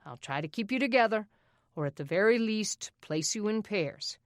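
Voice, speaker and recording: A woman voicing a firm middle-aged male sheriff who speaks with calm, level authority. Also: mid-range voice, moderate pace, no echo, studio quality, pitched above the performer's own voice, lightly acted.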